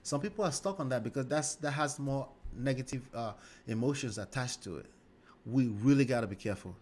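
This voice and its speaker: A man hosting a livestream comments on a clip, speaking emphatically and checking in with "okay?" and "right?". His voice is mid-range with a darkish tone, and he talks a little fast.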